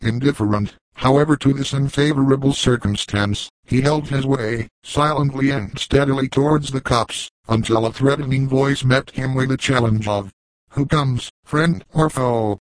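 A man reads an old frontier novel aloud in a steady, formal storytelling voice of middle pitch. The recording is dry and close, with no room echo. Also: normal speed, few pauses. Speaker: narrator. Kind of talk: audiobook narration.

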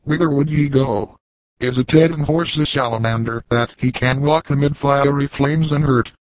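A man's voice: medium pitch, moderate pace, no echo, close to an everyday voice, poor audio. A man voicing a grim, solemn old frontier trapper who speaks in weighty, archaic phrases. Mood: grave warning. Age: older.

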